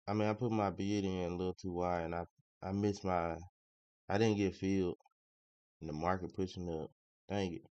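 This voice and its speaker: A man's voice: deep voice, fairly even intonation, moderate pace, pauses often, darkish tone, dry recording. A man trading live on a stream, talking in casual slangy commentary, grumbling and repeating himself. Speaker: day trader streaming live. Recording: dry, slightly muffled lo-fi audio.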